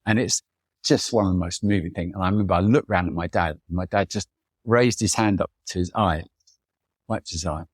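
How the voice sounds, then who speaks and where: A man's voice: sits low, fairly quick, husky, dry recording, studio quality. A man, a photographer, talking as a podcast guest, telling long rambling personal stories and mimicking the people he quotes. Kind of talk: reflective storytelling in conversation.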